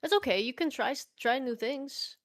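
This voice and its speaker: A woman's voice: high-pitched, moderate pace, dry recording, clean studio sound. A woman playing a tabletop role-play, narrating her character, earnest with hesitant restarts. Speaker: player.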